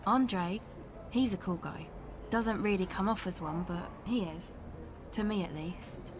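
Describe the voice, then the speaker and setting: A woman's voice: medium pitch, a little slow, music in the background, lightly acted. A woman playing a guarded, laid-back young woman. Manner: laid-back, evasive, offhand. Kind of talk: voiced video game dialogue. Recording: clear background noise.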